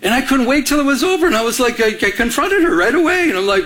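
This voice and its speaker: A man's voice: very high voice, expressive, fast, fairly bright tone. A middle-aged man from Michigan preaching a sermon, telling a personal story in a conversational way and acting out the dialogue. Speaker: pastor.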